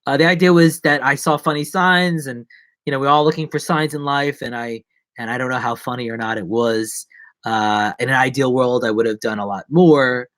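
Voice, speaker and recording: A man's voice: mid-range voice, fairly even intonation, moderate pace, fairly bright tone, no room sound. A man talking casually on a live stream, rambling and joking at himself with many restarts. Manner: rambling, self-mocking, many restarts and asides.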